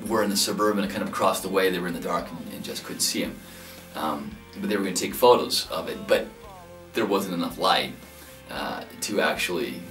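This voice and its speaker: Man in his thirties, earnest, storytelling, low-ish voice, roomy echo. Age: 30s. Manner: earnest, animated when reliving nerves. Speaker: groom telling his proposal story. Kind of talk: heartfelt interview recollection. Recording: echoey room, distant mic, soft music behind.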